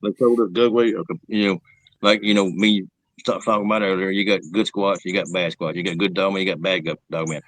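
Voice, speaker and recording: A man's voice: low voice, fairly even intonation, fairly quick, fairly bright tone, dry recording, poor audio. A man hosting a casual chat, rambling and laughing often as he tells stories. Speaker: show host.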